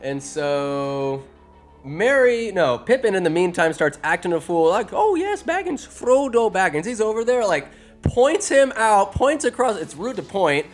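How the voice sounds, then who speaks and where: Alone at a phone or desk mic, a man gives a loose, joking recap of a fantasy movie in a slightly high voice, with faint music underneath. Animated and sarcastic, he swings between wry asides and bursts of excitement, putting on quick character voices.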